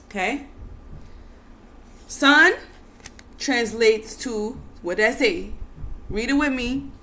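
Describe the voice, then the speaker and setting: A woman with a fairly high voice gives an unhurried spiritual teaching, drawing out her words. She soothes her listeners again and again, then leans hard into her key points. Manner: soothing, coaxing, repeats "breathe" and "calm down", swells to emphatic bursts.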